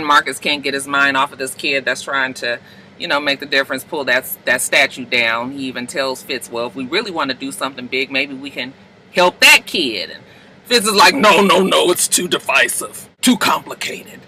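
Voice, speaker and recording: A TV show recapper casually runs through an episode, using salty slang, speaking directly to viewers, and acting out the characters' lines. The voice is mid-range and pushed and bright at a normal speed, on a low-quality recording with a little hiss or hum.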